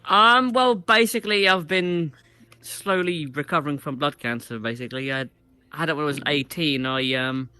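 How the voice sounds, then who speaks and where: Halting young man, crisp bright voice. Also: fairly high pitch. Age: 20s. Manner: halting, says basically a lot. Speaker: guest. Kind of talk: interview answers.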